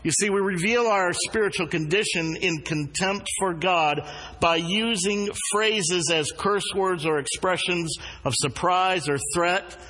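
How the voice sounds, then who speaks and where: Earnest preacher in a reverberant hall. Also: male voice, high voice, sharp tone. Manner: earnest, slows down to stress key words. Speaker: pastor. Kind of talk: sermon. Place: church sanctuary.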